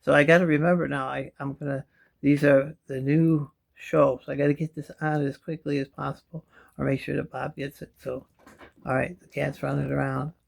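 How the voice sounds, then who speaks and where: A middle-aged vlogger with missing teeth sits on a kitchen chair and rambles to the camera in front of him for a chatty home vlog. His voice is on the high side and flat, at a moderate pace with vocal fry. He keeps wandering into asides and often trails off into a mumble.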